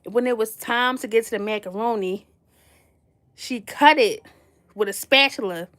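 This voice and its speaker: A woman's voice: a little high, moderate pace, fairly bright tone. A woman telling a funny personal story in a casual, slangy way, laughing often and teasing playfully. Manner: slangy, chatty, addresses listeners directly.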